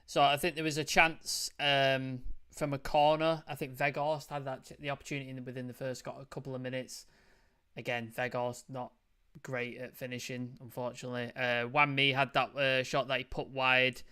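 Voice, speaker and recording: A man's voice: mid-range voice, little pitch movement, normal speed, pushed and bright, clear, resonant tone. A man hosting a casual football review chat, loose and chatty, full of fillers. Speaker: host.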